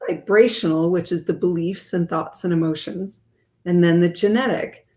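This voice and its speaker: Guest author, female, lower register, earnest explainer. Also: normal speed, dark tone. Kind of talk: interview explanation.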